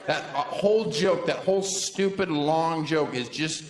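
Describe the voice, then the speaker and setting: A man's voice: a little high, unhurried. A man doing stand-up comedy live on stage into a handheld mic, with a sarcastic, punchy and playful delivery. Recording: roomy live room with loud audience.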